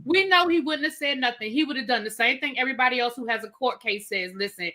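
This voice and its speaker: A woman hosting a casual reality TV recap, opinionated and animated, acting out what people said. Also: high voice, fast. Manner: animated, opinionated, acts out quotes. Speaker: recap show host.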